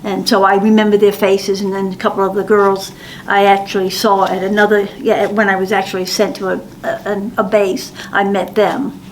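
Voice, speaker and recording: An older woman veteran recalling her boot camp group, halting as she searches for words. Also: medium pitch, flat delivery, a little hiss or hum, low-quality recording. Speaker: military veteran. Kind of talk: recorded oral history interview.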